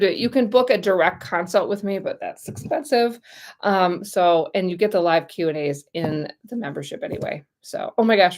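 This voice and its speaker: An American woman in her forties, a vlogger and relocation consultant, talks casually to the camera. Her voice is on the low side and creaky, and she's bubbly and rambling, with lots of fillers.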